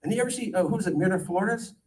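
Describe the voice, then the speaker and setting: A man's voice: high voice, rapid-fire. Sarcastic Californian man, distant mic. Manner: animated, joking, sarcastic. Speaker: political campaigner speaking to a crowd. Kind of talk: informal political speech. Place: event gathering.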